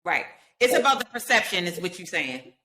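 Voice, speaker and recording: Bright chatty woman co-host, echoey. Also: on the low side, very animated, fairly quick, slight background noise. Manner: candid, chatty, backchannels often. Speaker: podcast co-host. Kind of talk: casual podcast chat. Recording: echoey room.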